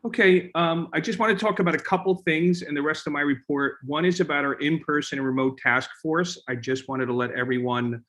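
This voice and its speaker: A man chairing a community board meeting, talking informally with many halting restarts. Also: on the high side, fairly bright tone.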